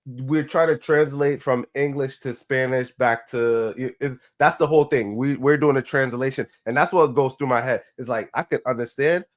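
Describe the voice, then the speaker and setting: A man's voice: medium pitch, moderate pace, few pauses. A man co-hosting a podcast who rambles through casual talk, hesitating and restarting his sentences. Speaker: podcast co-host. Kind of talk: casual chat.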